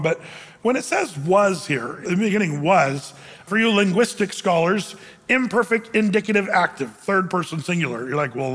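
Speaking from a church stage, a pastor with a high, slightly bright voice gives a sermon that echoes with long hall reverb. His tone is conversational and lightly humorous, and he often pauses to ask the congregation rhetorical questions.

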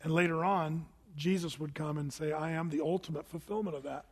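Man, pastor, emphatic sermon, high-pitched, reverberant church hall. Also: steady tone, fairly quick, breathy edge. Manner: earnest, emphatic preaching with repetitions and asides. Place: church sanctuary.

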